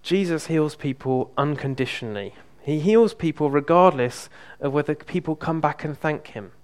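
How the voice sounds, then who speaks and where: A man preaching in a relaxed, conversational way, with frequent ums and small restarts as he tells a personal story. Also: a little high, moderate pace. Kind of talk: conversational sermon with personal testimony.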